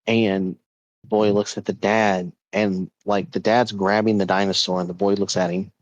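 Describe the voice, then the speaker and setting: A man's voice: on the low side, flat delivery, normal speed, no echo, dull audio. A man hosting a podcast, telling a ghost story in a loose, rambling way with lots of restarts. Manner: rambling, with many repeats and fillers. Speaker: podcast host.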